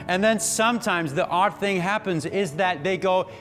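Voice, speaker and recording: A man teaching a public speaking workshop, animated and laughing often. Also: high-pitched, moderate pace, faint music behind. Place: workshop room.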